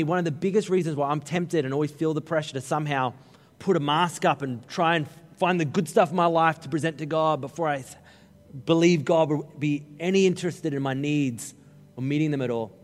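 A man in his thirties preaches in a chatty, humorous way, telling stories. His voice sits a little high for a man. The sound hangs in the long echo of a big church hall. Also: brisk. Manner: conversational, humorous storytelling preaching. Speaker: pastor. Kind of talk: sermon.

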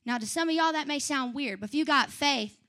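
Bright, high-voiced woman giving testimony. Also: a little fast. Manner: lively, chatty, laughs often, talks back to the audience. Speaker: church member giving a testimony. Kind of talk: personal testimony to a congregation.

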